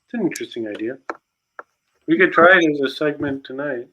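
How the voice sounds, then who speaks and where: A man's voice: a little high, lively intonation, a little fast, sharp tone, slight background noise. A man co-hosting a casual chat over a video call, easygoing and dry. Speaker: podcast co-host. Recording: dull lo-fi call audio.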